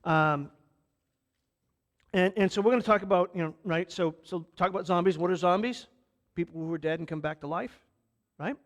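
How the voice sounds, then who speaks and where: A man's voice: sits high, normal speed, long pauses. A male pastor giving a conversational sermon, restarting his sentences and acting out quotes as he retells stories.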